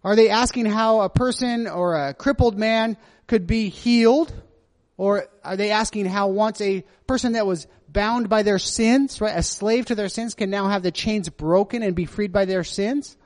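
A man's voice: high voice, moderate pace. A man preaching a sermon, earnest and confessional, who often checks in with his listeners by asking "right?". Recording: long hall reverb.

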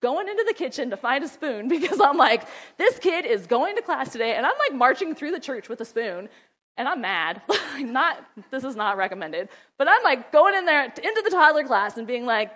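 A woman's voice: fairly high pitch, sing-song, brisk, a bit bright. Chatty mother laughing through parenting stories. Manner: chatty, laughing, acting out her own scolding. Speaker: mother and ministry wife giving parenting advice. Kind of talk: casual advice talk.

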